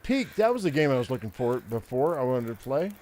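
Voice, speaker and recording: A man's voice: mid-range voice, very animated, a little fast, darkish tone, a little hiss or hum. An older man giving casual, profane gameplay commentary, ranting and rambling with frequent restarts. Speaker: gaming streamer.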